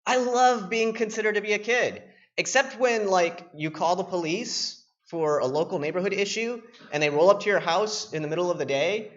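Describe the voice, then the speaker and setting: A young man with a fairly high voice tells animated, joking stories from the stage of a tech conference. He talks casually and slips into little acted voices. The recording is dull and lo-fi. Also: moderate pace. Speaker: penetration tester giving a conference talk. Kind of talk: casual, storytelling conference talk. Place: conference room.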